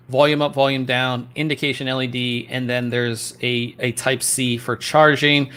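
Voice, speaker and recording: A man hosting a casual tech podcast, talking in a relaxed, rambling way with frequent ums and restarts, recorded on a studio podcast microphone. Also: medium pitch, clear, resonant tone. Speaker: podcast host.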